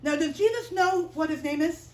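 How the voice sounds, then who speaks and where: A woman teaching children's chapel, telling a Bible story in an expressive, playful way and asking the kids questions. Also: very high voice, normal speed, low-quality recording.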